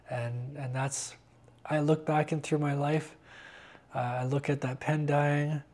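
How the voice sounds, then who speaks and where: A man giving a candid interview about his faith, talking earnestly and haltingly with frequent restarts. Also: a little high, little pitch movement, darkish tone. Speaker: interviewee sharing a personal faith testimony.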